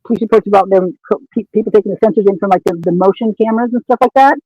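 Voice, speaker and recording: A man's voice: high voice, rapid-fire, warm tone, no room sound, poor audio. A man who is a guest on a casual true-crime discussion, talking in an emphatic, indignant way. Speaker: podcast guest.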